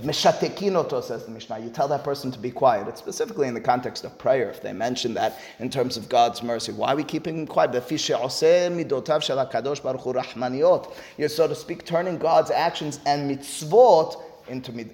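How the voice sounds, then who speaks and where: A man giving a Talmud lecture, explaining earnestly and rising sharply in pitch on his emphatic points. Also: darkish tone. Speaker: Talmud teacher. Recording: long reverb, hall-like.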